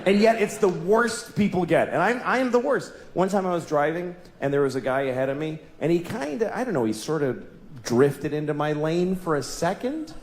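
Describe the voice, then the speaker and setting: A man doing a stand-up routine, ranting at himself in an exasperated, self-mocking way, bursting into yells. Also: on the high side, lively intonation, moderate pace. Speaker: stand-up comedian. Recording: echoey room with loud ambient noise.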